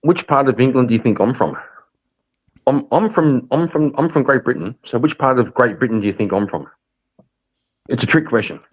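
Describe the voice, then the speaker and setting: A man's voice: mid-range voice, animated, normal speed, pauses often, breathy edge. A man from Northern Ireland co-hosting a stream, chatting casually in a teasing, blunt way. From Northern Ireland, born in Belfast. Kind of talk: casual chat.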